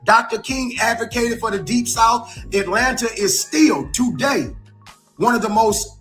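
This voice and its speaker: A man hosting a podcast, giving earnest, deliberate political commentary. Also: very high voice, a bit bright, faint music behind. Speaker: podcast host.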